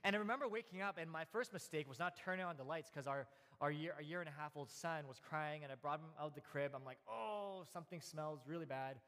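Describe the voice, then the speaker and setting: Male pastor, 30s, slightly high voice, easygoing sermon delivery full of "uh"s and restarts, long church-hall reverb. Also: fast. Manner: relaxed storytelling with frequent fillers and restarts. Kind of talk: conversational sermon.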